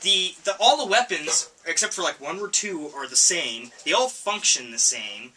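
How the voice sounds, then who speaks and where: Bright-voiced man reviewing games from afar. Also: fairly high pitch, animated. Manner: halting, repeats words, frequent coughs and laughs. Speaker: game reviewer. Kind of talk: casual review chat. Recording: voice from far off the mic.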